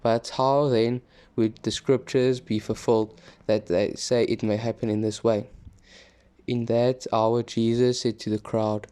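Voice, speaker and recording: A man reading a scripture passage aloud, steady and plain, with the odd small slip and restart. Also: medium pitch, a little slow, clear, resonant tone. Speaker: scripture reader.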